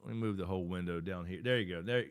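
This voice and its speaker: A middle-aged man hosts a live stream from his home setup, rambling casually and thinking aloud as he works his screen. He talks very fast in a low voice that sounds clean, dry, and close, with no room echo.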